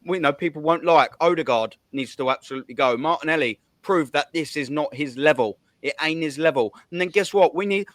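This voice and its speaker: A man tears into his subject in a heated fan rant, swearing freely and counting off points one after another. His voice sits a little high, and the sound is dry and close. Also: no room sound. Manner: fast, swearing, repetitive counting. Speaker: host.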